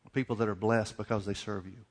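A man's voice: fairly low pitch, steady tone, fast talker. A middle-aged man preaching a sermon, asking repeated questions and acting out little dialogues. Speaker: pastor.

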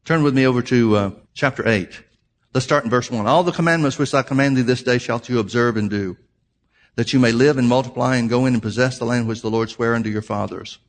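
A man's voice: mid-range voice, brisk. A man preaching a sermon, reading scripture aloud and explaining it, emphatic and repeating key phrases for his listeners.

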